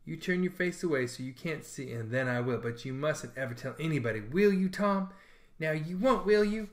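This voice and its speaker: A man's voice: on the high side, lively intonation, normal speed, lightly acted. A man voicing a shy, moody little girl in a storybook reading, coy and easily hurt. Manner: pleading, tearful, coy.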